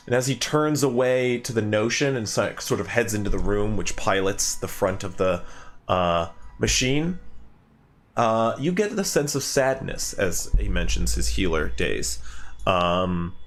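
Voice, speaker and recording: A man narrating as game master of a tabletop game, with many pauses and fillers. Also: fairly low pitch, fairly bright tone.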